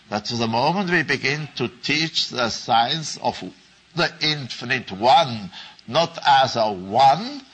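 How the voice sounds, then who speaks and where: Male religious teacher, very slow and deliberate delivery, mid-pitched voice, repeats key phrases. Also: a bit bright, breathy edge, low-quality recording. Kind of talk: slow explanatory Bible talk.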